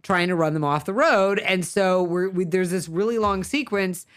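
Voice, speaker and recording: Woman, casual film chat, smooth clear tone, sarcastic asides. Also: fairly low pitch, normal speed. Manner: chatty, sarcastic, many restarts.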